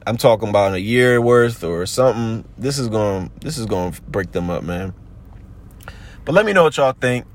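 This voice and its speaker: A man's voice: on the low side, expressive, normal speed, slight background noise. A man hosting a podcast in a slangy, rambling, casual chat full of fillers. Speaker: podcast host.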